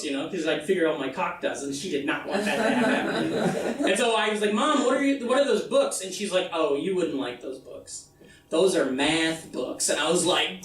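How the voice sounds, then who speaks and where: An American man telling a profane comic story live on stage, breaking into shouted bits. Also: sits high. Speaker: comedian. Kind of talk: comedic one-man stage show. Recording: echoey live room, mic far off.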